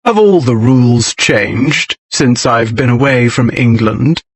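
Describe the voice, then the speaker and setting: A man's voice: medium pitch, slow. A man voicing a grim aristocratic English lord who speaks in a bored, dry and scornful way, in an audiobook reading.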